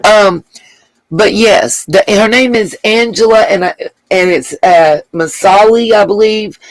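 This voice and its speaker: Woman, livestream host, gravelly voice, unhurried pace, dry close sound. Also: mid-range voice, no echo, poor audio. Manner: effusive, gushing thanks to viewers with endearments. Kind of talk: casual live-stream chat reading viewer comments.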